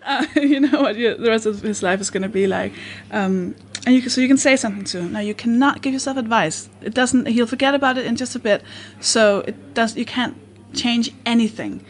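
Gentle woman host, faint background noise. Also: fairly high pitch, fairly quick. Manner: gentle and leading, guiding a hypothetical scene. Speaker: podcast host. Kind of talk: casual interview.

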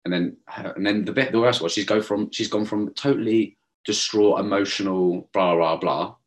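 A young man telling a long story in casual chat, animated and swearing, mimicking others as he goes. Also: lowish voice, normal speed. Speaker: podcast co-host.

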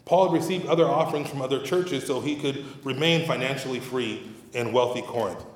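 A man's voice: medium pitch, fairly quick, slight background noise. A middle-aged man preaching a sermon as pastor, in a conversational, humorous and emphatic manner, in a church sanctuary. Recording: roomy hall reverb.

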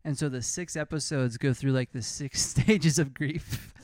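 A man in relaxed casual chat about a favorite sitcom. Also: mid-range voice, unhurried. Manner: relaxed, chatty, laughs while talking.

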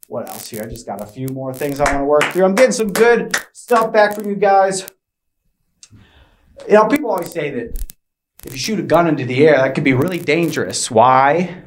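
A man's voice: sits high, lively intonation, moderate pace. Rambling, hesitant stand-up comedian man. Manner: rambling, hesitant, full of fillers and restarts, mock-awkward. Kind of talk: stand-up routine.

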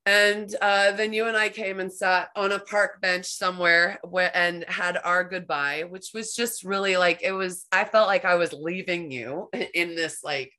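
A woman hosting a podcast, telling a personal story in a rambling, animated way, full of "like". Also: fairly low pitch, measured pace, hardly any pauses. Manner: rambling, heavy use of "like", animated retelling. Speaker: podcast host. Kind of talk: conversational storytelling.

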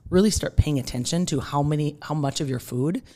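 A woman with a low-pitched voice speaks as a podcast guest, explaining nutrition with energy. She slips into quoted voices to make her points, and sounds middle-aged. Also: a little fast, mellow, a little hiss or hum. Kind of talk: podcast interview.

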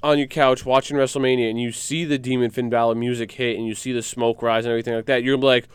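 A man co-hosting a casual podcast, talking excitedly. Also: medium pitch, very fast, clean tone, no echo. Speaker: podcast co-host. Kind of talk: casual chat.

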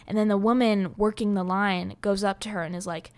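A young woman tells a personal story in a loose, rambling vlog style. She fills her sentences with "like" and the odd swear word. Her voice sits at an ordinary middle pitch and jumps up when she gets excited. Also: normal speed, clean tone. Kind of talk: casual storytelling.

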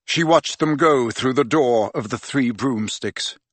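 A man narrating an audiobook in an expressive reading voice. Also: medium pitch, unhurried, dry recording. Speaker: audiobook reader.

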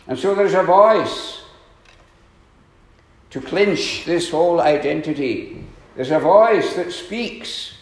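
A man preaching a sermon, earnest and deliberate, with emphatic questions, sudden drops in volume and frequent throat clearing. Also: fairly high pitch, lively intonation, reverberant, a little hiss or hum. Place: church.

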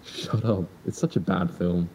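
A teenage man co-hosting a podcast, talking in a dry, deadpan way in a casual chat. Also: measured pace. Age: teens. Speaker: podcast co-host. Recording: distant mic with faint rumble.

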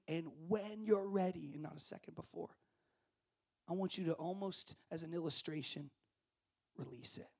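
High-voiced impassioned male camp preacher. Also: husky. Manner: impassioned, shouting at peaks, then soft and hushed. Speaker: camp speaker. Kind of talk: sermon to students. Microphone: handheld microphone.

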